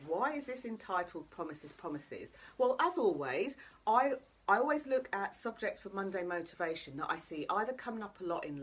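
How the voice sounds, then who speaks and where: A woman's voice: on the low side, slightly rough. A woman, a life coach, chatting cheekily and directly to viewers live on camera. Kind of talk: live motivational talk to viewers.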